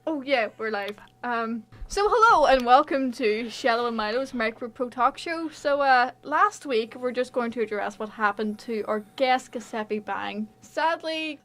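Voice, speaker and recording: A woman's voice: fairly high pitch, lively intonation, a little slow, hardly any pauses, a bit bright. A woman co-hosting a casual comedy podcast in a slightly raised voice. She rambles loosely, leaning on "like" between phrases. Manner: chatty, peppered with "like". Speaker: podcast co-host.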